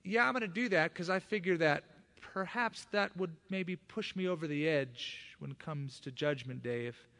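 A man's voice: a little high, moderate pace, gravelly, sharp tone, pitched above the performer's own voice. A man doing a confiding landlord. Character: earnest middle-aged male landlord.

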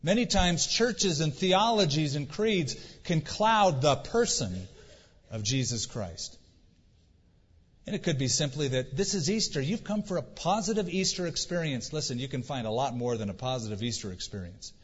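A male pastor preaching an earnest sermon in a church, asking rhetorical questions and pausing for effect. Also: on the high side, very animated, breathy edge. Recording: dull recording with long church reverb.

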